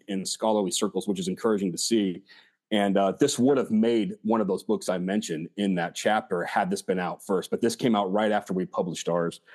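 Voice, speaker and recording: A man's voice: fairly low pitch, darkish tone. A man talking as an author in a casual discussion, hesitant and full of fillers and restarts. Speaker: author and scholar.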